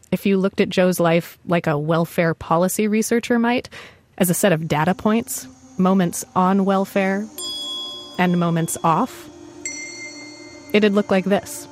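A woman reporter narrating a scripted radio news feature in a measured storytelling way. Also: on the low side.

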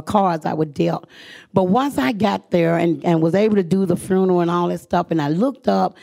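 Woman in her 50s giving a testimony, gravelly voice, earnest storytelling. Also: mellow. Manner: earnest storytelling, acting out quoted voices, rising pitch when emotional. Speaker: speaker sharing her recovery story. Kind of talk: personal testimony to an audience.

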